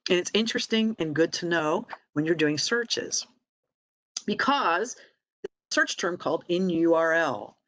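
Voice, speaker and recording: A woman's voice: lowish voice, expressive, unhurried, a bit bright, no room sound. A middle-aged woman presenting a casual online tutorial, explaining step by step in a chatty way with fillers and self-deprecating asides. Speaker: library webinar presenter.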